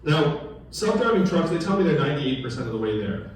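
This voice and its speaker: A man's voice: a little high, very animated, brisk, distant mic, a little hiss or hum. Man giving a campaign talk in an echoey hall. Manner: conversational, quizzes the audience. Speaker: political candidate. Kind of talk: town hall campaign speech. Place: large echoey room at a political gathering. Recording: very echoey room recorded from afar.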